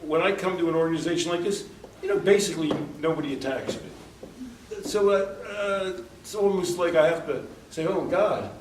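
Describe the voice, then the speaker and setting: In a workshop room, an American man lectures conversationally, wandering from anecdote to anecdote and acting out the lines he quotes. He speaks at a moderate pace in a slightly high voice, with slight background noise, recorded roomily from a distant mic in a hall.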